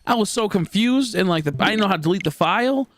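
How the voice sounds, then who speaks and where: While streaming, a twenty-something man casually rambles through a long story, packing it with fillers and swear words. He speaks quickly in a high-sitting voice with lively intonation.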